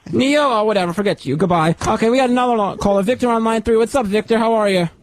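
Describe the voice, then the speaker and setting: A man with a notably high voice and a very quick pace hosts a call-in radio show. He presses the same questions again and again, barely pausing between them. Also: no echo. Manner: rapid, repetitive questioning.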